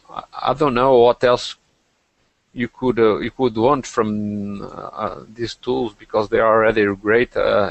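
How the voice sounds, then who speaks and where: A man talks slowly and haltingly, his voice rough with gravel. He hosts a relaxed tech podcast, filling the gaps with "uh", recorded dry and close. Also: fairly low pitch, no echo. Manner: hesitant, many fillers and restarts. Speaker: podcast host. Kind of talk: casual tech chat.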